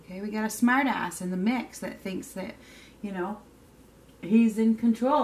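A woman's voice: mid-range voice, normal speed, a little mellow. A woman giving a casual tarot card reading, blunt and emphatic, often repeating herself and checking in with "okay?" while swearing casually. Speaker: tarot reader.

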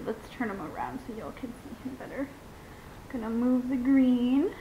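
A young woman in casual unboxing chat who gushes, squeals and laughs often as she talks to her viewers. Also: unhurried. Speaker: vlogger unboxing a reborn doll. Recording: dull lo-fi home video with faint rumble.

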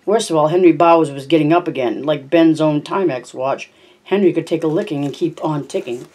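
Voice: medium pitch, fairly quick, darkish tone. An amateur reader reading a novel aloud, often stumbling over words and correcting themselves. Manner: frequent stumbles and self-corrections. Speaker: audiobook reader.

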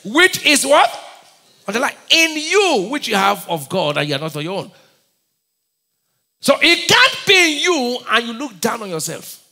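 A man with a Nigerian accent preaching a sermon, firing call-and-response questions at his congregation and breaking into sudden shouts. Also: very high voice, wildly swooping pitch, normal speed, in a large hall. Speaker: pastor.

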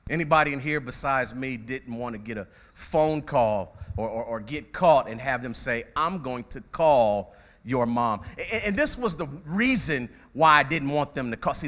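A male pastor giving a conversational sermon, calling out to his congregation and often repeating words as he starts a phrase. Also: medium pitch. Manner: animated, conversational preaching with call-outs to the congregation.

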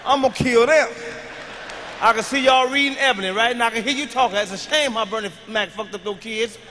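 A man with a high, bright voice does stand-up, loud and profane, and shouts out his punchlines. He is recorded live in a big arena on a handheld mic. A long reverb trails each line, with a faint hum of the room underneath. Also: fast. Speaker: stand-up comedian. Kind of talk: stand-up routine. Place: large arena stage with live audience.

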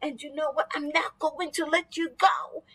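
A woman's voice: high-pitched, fairly even intonation, normal speed, a bit bright, pitched above the performer's own voice. A woman voicing a desperate young man who insists on a blessing in a children's Bible story. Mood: insistent. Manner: pleading, insistent. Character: desperate determined young man wrestling a stranger.

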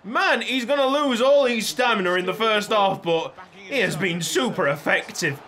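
A young man commentating his football video game, cheering and shouting at each goal. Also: high-pitched, expressive, moderate pace. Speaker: gaming YouTuber.

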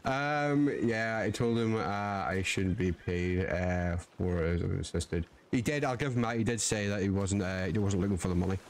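Streaming a western roleplay, a man with a lowish voice speaks at a moderate pace with few pauses, using a folksy cowboy drawl, swearing and joking as his character and laughing at himself. There's a slight hiss or hum.

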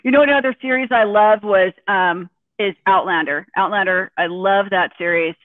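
A man with a high voice co-hosting a podcast, chatting casually and exclaiming with enthusiasm. He comes through a tinny, phone-like line. The sound is completely dry. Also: moderate pace, dry recording. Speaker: podcast co-host. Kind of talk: casual chat.

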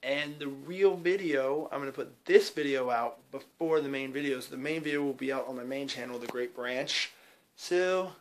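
A young man casually rambling in a behind-the-scenes vlog, excited and full of fillers, on an indoor home video set. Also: medium pitch, moderate pace. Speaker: YouTube creator.

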